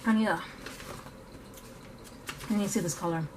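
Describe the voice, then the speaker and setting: Woman rambling thru her art vlog, mid pitch, lots of ums, faint room noise behind. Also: fairly even intonation, normal speed, a little mellow. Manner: chatty, scattered, many fillers and self-corrections; talks while eating at times. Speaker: art vlogger.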